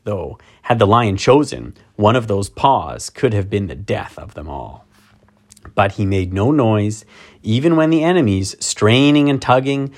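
Man reading a fantasy tale aloud. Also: fairly low pitch. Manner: expressive, dramatic storytelling with vivid emphasis. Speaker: narrator. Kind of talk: audiobook narration of a children's fantasy.

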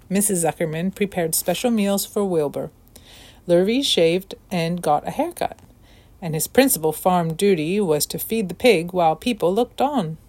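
A woman narrating a children's novel aloud with steady, clear storytelling. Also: mid-range voice, no room sound.

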